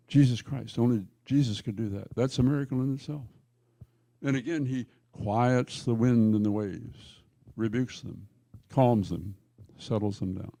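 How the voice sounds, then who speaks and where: A male pastor preaching a sermon in church, telling the stories emphatically with jokey asides and quick self-corrections. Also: medium pitch, gravelly, mellow, dry recording.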